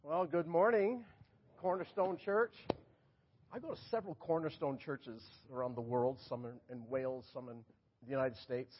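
A man's voice: a little high, steady tone, moderate pace, highs cut off, a little hiss or hum. A man preaching as a guest speaker in a church, chatty and joking as he talks to the congregation. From New York. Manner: chatty, joking preacher who laughs at his own jokes. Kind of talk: sermon. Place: church sanctuary.

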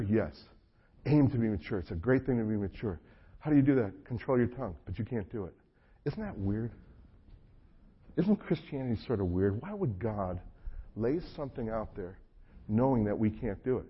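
Man, Southern US accent, pastor preaching, chatty joking storyteller, husky voice, dull lo-fi recording. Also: fairly low pitch, animated, moderate pace, long pauses. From North Carolina. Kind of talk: sermon.

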